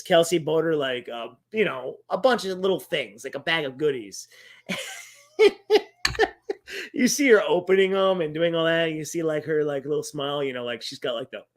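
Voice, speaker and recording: A man hosting a livestream, telling stories in casual chat, animated and profane, acting out quoted dialogue. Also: on the high side, normal speed. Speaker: livestream host.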